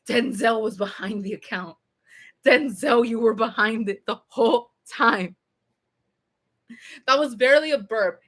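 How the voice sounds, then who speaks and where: A young woman chatting casually on a livestream, rambling and swearing as she goes. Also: fairly high pitch. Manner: rambling, animated, swears a lot.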